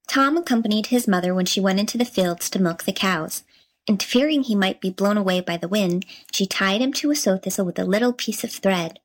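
A woman narrating a fairy tale in a measured, gently expressive storybook reading. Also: medium pitch, rough recording.

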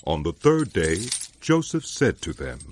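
A man giving scripted narration for an audio drama, telling the story in a measured way. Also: sits low, sing-song, a little hiss or hum.

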